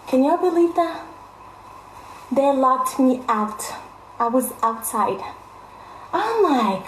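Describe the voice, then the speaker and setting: Young woman vlogger, high voice, emphatic repeats, echoey room. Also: animated, slow, pauses often, slight background noise. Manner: emphatic, repeats phrases for stress. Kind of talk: casual storytelling to viewers. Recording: roomy echo.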